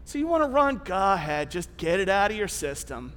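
A man voicing God as a calm, all-knowing presence, speaking in a hushed, unhurried, knowing tone. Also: high-pitched, big-room sound, pitched below the performer's own voice.

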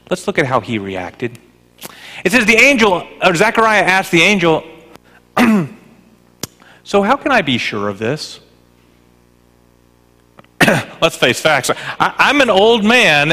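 A pastor preaching a sermon in a conversational, animated way with jokes. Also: male voice, on the high side, big-room sound.

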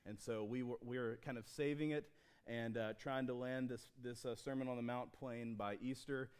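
A man preaching a sermon in a church, talking conversationally with restarts and slowing down when he reads scripture. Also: medium pitch, fairly even intonation, a little mellow, clean tone. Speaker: pastor.

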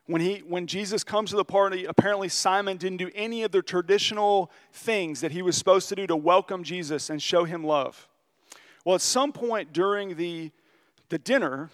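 A man preaches in a relaxed, conversational way, his voice sitting a little higher than most men's. He is earnest and confessional in tone, and he slows down to lean on the key lines of a story. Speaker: pastor. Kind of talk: conversational sermon.

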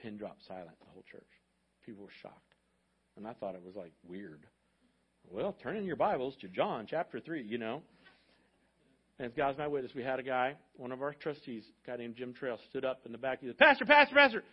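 A male pastor telling a story in a sermon, in a conversational way that moves between hushed and loud. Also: medium pitch, animated, fairly quick, husky, dull audio. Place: church sanctuary.

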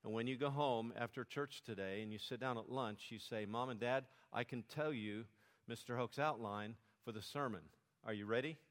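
A man's voice: mid-range voice, normal speed, long reverb tail. Older man, pastor, sermon delivery, gets the kids to repeat points, builds to fervent emphasis.

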